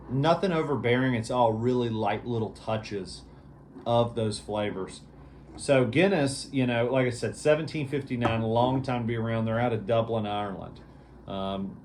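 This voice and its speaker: A man's voice: on the low side, darkish tone, slight background noise. A man hosting a casual vlog review, talking in an easygoing, rambling way with lots of fillers. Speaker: beer reviewer, show host.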